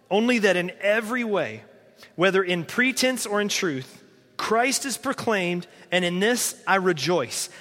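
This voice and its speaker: A man preaching a sermon from North Carolina, telling stories with lively acted-out voices and quotes. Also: sits high. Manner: animated storytelling, acting out voices and quotes. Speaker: pastor. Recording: long hall reverb.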